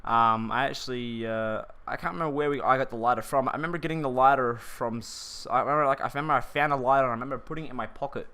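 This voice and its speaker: A man's voice: mid-range voice, very fast, few pauses, pushed and bright, clean tone. A man telling a personal story for his vlog in a rambling, slangy way, restarting his sentences often.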